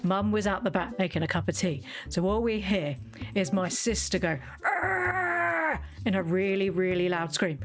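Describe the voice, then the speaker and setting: Female streamer, lowish voice, casual wry storyteller, faint music bed. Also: fairly even intonation, normal speed. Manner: chatty, wry, laughs while telling stories. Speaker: gaming streamer. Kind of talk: casual storytelling while playing.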